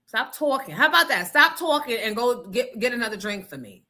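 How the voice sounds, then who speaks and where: A woman hosting a radio show, telling a story in a loud, animated, profane and blunt way. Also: fairly high pitch, normal speed, pauses often. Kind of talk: casual storytelling rant.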